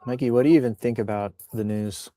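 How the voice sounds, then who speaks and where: A man's voice: mid-range voice, fast talker, mellow, no echo. Playful man riffing on a livestream. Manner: playful, riffing and joking while reading comments aloud. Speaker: livestream host reading posts. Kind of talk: casual live-stream chat. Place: outdoors on a bluff.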